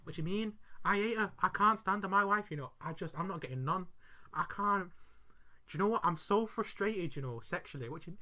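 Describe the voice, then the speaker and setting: A woman putting on a creepy middle-aged man who mumbles and pleads sheepishly, with her voice pushed low. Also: brisk, pushed and bright. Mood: wheedling.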